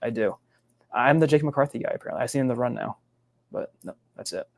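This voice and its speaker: A man guesting on a fantasy baseball podcast, talking in an easygoing, halting way. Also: medium pitch, lively intonation, gravelly, no echo. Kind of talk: casual fantasy baseball chat.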